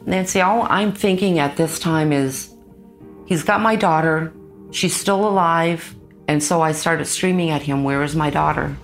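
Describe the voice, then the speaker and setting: A mother speaking in an interview, recounting a traumatic night in a halting, pained way, repeating words as she goes. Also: fairly low pitch, soft background music.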